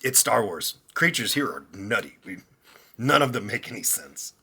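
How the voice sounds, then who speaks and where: A man's voice: fairly low pitch, sing-song, normal speed, sharp tone, slightly rough. A man co-hosting a casual movie review chat, agreeable and jokey. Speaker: co-host of a movie review show.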